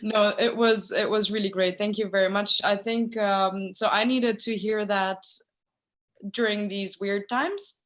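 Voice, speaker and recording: A woman's voice: medium pitch, fairly even intonation, a little slow. A woman moderating a question round on a video call, sounding moved. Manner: warm, moved. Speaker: event host.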